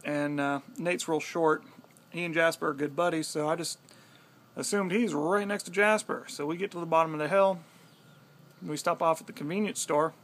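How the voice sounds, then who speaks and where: A young man casually telling a story to the camera, animated and swearing freely. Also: fairly high pitch, normal speed. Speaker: vlogger.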